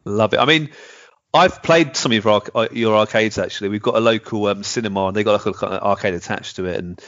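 A man's voice: lowish voice, quick pace, fairly bright tone, muffled recording. A man, hosting an interview and asking questions with enthusiasm. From England. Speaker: interview host. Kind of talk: casual interview chat.

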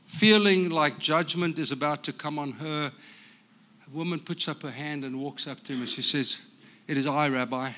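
A man from Africa, a pastor, preaching a sermon in an animated, storytelling way. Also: fairly high pitch, moderate pace.

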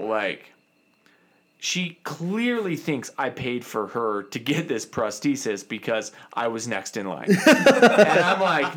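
A man in his thirties, a dentist, telling a story in a casual, animated way and acting out the other people in it. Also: medium pitch, slow.

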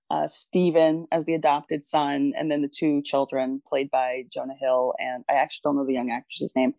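A woman's voice: sits low, creaky, a little mellow, no room sound. A woman co-hosting a casual podcast, talking enthusiastically about films and laughing often. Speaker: podcast co-host. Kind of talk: casual film discussion.

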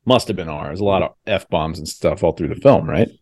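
A man's voice: deep voice, brisk, darkish tone, no echo, clean studio sound. A male podcast host chatting casually over a video call, rambling and correcting himself as he talks.

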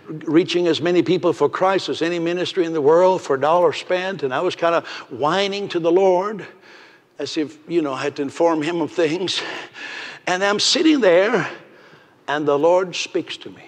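A pastor preaching a sermon, lively and acting out the people in his stories. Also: a little high, moderate pace, big-room sound.

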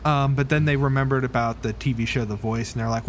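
A man's voice: mid-range voice, fairly even intonation, quick pace, noisy background. Hesitant, dry male podcast co-host. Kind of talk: casual chat.

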